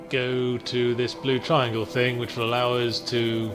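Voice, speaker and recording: A man's voice: medium pitch, completely flat delivery, measured pace. A man with a British accent giving dry, sardonic commentary while he plays a video game. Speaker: streamer playing the game. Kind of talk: casual let's-play commentary. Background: game music.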